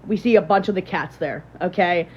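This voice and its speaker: A woman's voice: lowish voice, fairly quick, husky, muffled recording. A young woman from Illinois chatting casually on a livestream and telling a rambling story to her viewers, full of fillers and restarts.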